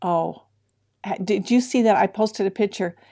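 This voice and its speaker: Chatty middle-aged woman, livestream host, friendly viewer greetings, mellow gravelly tone. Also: medium pitch, normal speed. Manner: chatty, greets viewers by name, laughs often. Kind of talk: casual live-stream chat with viewers.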